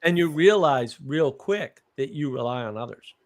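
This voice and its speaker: A man's voice: mid-range voice, animated, moderate pace. A man hosting a live stream, rambling through personal stories in casual chat with blunt remarks and casual swearing.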